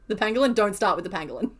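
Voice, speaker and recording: Woman, live-stream crafter, casual chat to viewers, jokes at her own expense. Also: mid-range voice. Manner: chatty, self-deprecating, answers chat questions. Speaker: crochet streamer.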